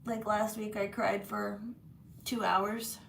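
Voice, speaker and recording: A woman's voice: mid-range voice, little pitch movement, takes it slowly, creaky, slight background noise. A woman chatting casually to her viewers from her room, blunt and swearing freely, sore after a massage. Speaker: channel host.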